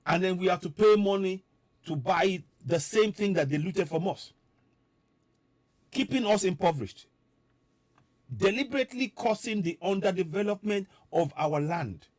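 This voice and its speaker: A man with a high voice speaks at a moderate pace, pausing often, with no echo. He's a political commentator giving a fervent live-streamed address to diaspora viewers abroad, repeating his points with a preacher's emphasis.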